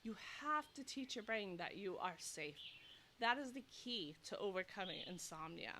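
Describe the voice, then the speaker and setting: A bright, clear-toned woman in her thirties talks straight to camera as a nurse, animated and acting out anxious inner thoughts. She is slightly out of breath, recorded outdoors on a clip-on mic with a faint hiss behind her. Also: medium pitch, normal speed. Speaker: nurse and sleep coach. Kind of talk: casual direct-to-camera advice talk. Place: outdoors in humid heat. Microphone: clip-on mic, loosening.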